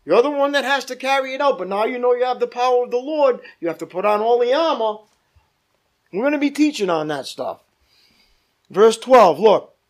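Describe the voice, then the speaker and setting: A man's voice: very high voice, animated, normal speed. A male pastor leading a Bible study, teaching emphatically, repeating points and asking the group questions.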